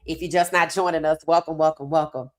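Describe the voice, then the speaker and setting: A woman hosting a live sports talk stream, reading viewer comments aloud and reacting with animated opinions, her voice worn from hours of streaming. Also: low voice, quick pace. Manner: animated, talks straight to chat, reads comments aloud. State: losing her voice.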